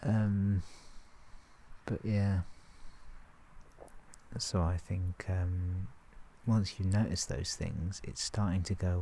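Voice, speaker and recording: A man talking in a relaxed, rambling way about self-awareness, laughing softly and acting out his inner thoughts. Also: low-pitched, slow pace, gravelly, a little hiss or hum. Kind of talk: relaxed casual monologue.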